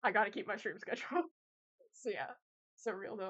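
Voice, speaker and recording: A woman's voice: medium pitch, moderate pace, fairly bright tone. A young woman streamer chatting casually with her viewers, rambling with lots of fillers and laughs. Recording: slightly dull lo-fi audio.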